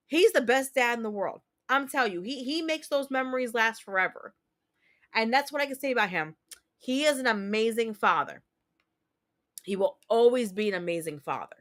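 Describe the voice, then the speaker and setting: A woman's voice: high voice, a bit bright. A woman in her thirties hosting a casual livestream chat, telling personal stories candidly and emotionally, with a noticeable accent and mild swearing. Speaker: streamer host.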